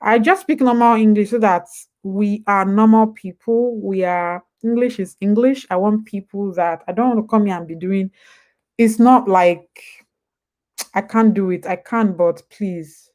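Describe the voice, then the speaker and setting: A young woman with a Nigerian accent talks her way through a casual live-stream advice session. She is chatty and wanders off topic, then pulls herself back. Her voice sits at an everyday middle pitch. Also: unhurried, darkish tone. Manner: chatty, digressive, jumps back and forth. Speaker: host.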